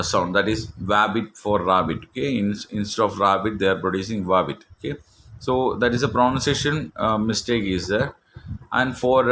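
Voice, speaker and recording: A man's voice: on the low side, fairly bright tone. A man giving a recorded lecture, hesitant with many fillers and frequent "okay". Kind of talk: slide-based lecture. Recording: screen recording, faint background noise.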